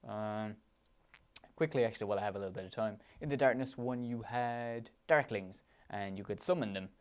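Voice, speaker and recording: Enthusiastic Irish man with a smooth voice. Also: fairly low pitch, a little fast. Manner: enthusiastic, gushing with praise. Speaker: let's play commentator. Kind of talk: gameplay commentary over footage.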